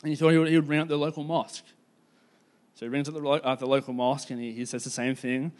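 A man preaching a sermon in a casual, conversational storytelling way, with lots of "like" fillers and slowing down to stress key points. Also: medium pitch, flat delivery, a little mellow. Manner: casual, filler-heavy, slows down for emphasis.

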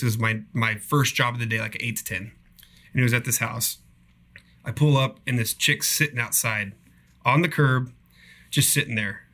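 A man's voice: mid-range voice, a bit bright. A young man telling a rambling, profane work story in a casual podcast chat.

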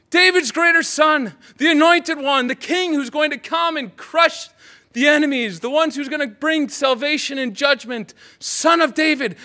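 A man voicing a desperate blind male beggar who cries out and pleads loudly. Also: on the high side, exaggerated voice.

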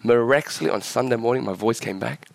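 In a dry recording, a gravelly-voiced man speaks fast as he preaches a church sermon. He's a pastor in his forties from Vietnam originally, sick and coughing. Impassioned, he pushes his pitch up at climaxes and often asks the congregation questions.

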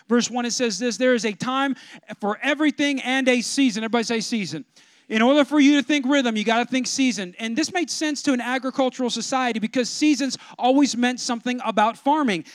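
A man preaching a sermon as pastor, telling a comic story and swinging from low asides to loud preaching. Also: no echo. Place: church.

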